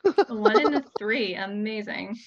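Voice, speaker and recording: A woman's voice: mid-range voice, sing-song, a little slow, dull audio. A woman running a tabletop game as dungeon master in casual chat over a voice call, upbeat and laughing often.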